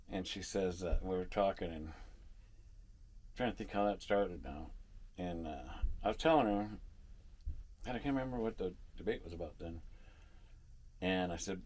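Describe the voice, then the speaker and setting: A man vlogging in a casual, rambling monologue, telling a story and chuckling often at his own jokes. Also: fairly low pitch. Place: parking lot.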